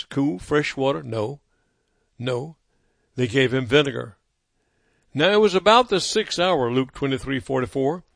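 Slow, emphatic male preacher. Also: on the high side, a bit bright, dry recording, clean studio sound. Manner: emphatic preaching with dramatic pauses and repetition. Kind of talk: sermon.

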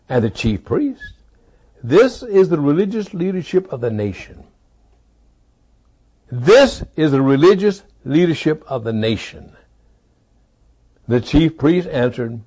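Preacher guy giving a sermon, kinda high voice, says things twice for emphasis, goes loud then drops way down. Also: very animated, a little slow, pauses often, husky. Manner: emphatic, repeats key phrases, swings between loud rises and low drops.

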